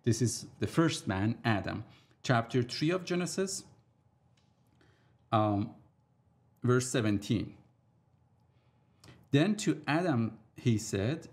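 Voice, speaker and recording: A man teaching a sermon on scripture, deliberately repeating his key points for emphasis. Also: medium pitch, lively intonation, darkish tone, breathy edge. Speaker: Bible teacher.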